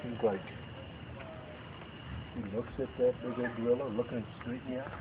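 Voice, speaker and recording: Around a nighttime bonfire, a man with a mid-range voice tells his family a spooky story at a normal speed. He animates it by voicing the characters' panicked lines, and the home video recording is tinny and noisy.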